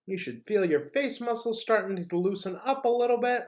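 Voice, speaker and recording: An upbeat teacher at a mid pitch, leading a recorded online lesson. The delivery is encouraging, with steady check-ins with the students. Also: a little fast. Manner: upbeat, encouraging, leads warm-ups and tongue twisters. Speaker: drama and language teacher.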